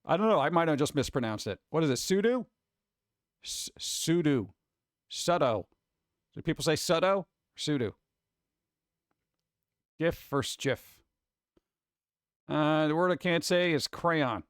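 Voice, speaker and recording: A man talks through a relaxed live stream, musing aloud and tossing off jokes and muttered asides as he reads chat. His voice sits a little high for a man, and the sound is close and dry, with no room echo. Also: a little slow, long pauses. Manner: rambling, jokey, muttering asides. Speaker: streamer host reading chat.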